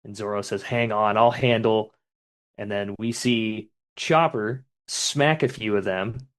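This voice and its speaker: A man's voice: fairly low pitch, unhurried, fairly bright tone. A man on a podcast casually narrating a comic chapter panel by panel and reading out the characters' lines.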